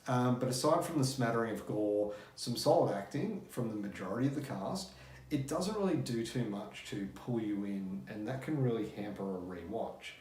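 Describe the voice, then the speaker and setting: A man's voice: on the low side, lively intonation, normal speed, a little mellow. A man reviewing a movie in a chatty, loose way, with fillers and blunt swearing. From Australia. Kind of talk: casual spoken review. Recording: echoey room.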